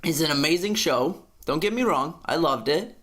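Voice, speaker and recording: A young man co-hosting a casual podcast, ranting with lots of swearing and sudden jumps in pitch. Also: animated, moderate pace, a bit bright. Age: young adult. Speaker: podcast co-host. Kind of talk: casual chat.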